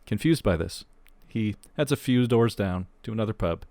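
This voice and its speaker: A man's voice: lowish voice, animated, normal speed, dark tone, no echo. A young man co-hosting a podcast, reading a long joke aloud in casual chat, laughing as he goes and swearing casually. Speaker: podcast co-host.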